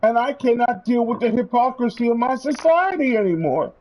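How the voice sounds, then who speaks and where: A man's voice: very high voice, animated, a little fast, darkish tone, rough recording. A man streaming, delivering a heated, profane rant to his viewers. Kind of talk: angry rant.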